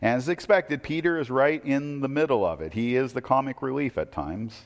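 A man's voice: mid-range voice, moderate pace, big-room sound. A man preaching a conversational sermon, asking rhetorical questions and quoting scripture. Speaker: pastor.

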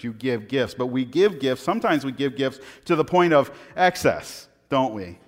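A man preaching a sermon, telling funny everyday stories in a chatty, animated way. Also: medium pitch, normal speed, hardly any pauses. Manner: conversational, animated, self-deprecating anecdotes. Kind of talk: sermon with humorous storytelling. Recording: long hall reverb.

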